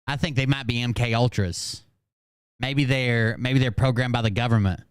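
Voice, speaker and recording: Sarcastic Southern man, smooth, dry voice. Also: medium pitch, fairly even intonation, normal speed, no echo. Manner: sarcastic, profane, mocking. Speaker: host. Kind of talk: casual commentary.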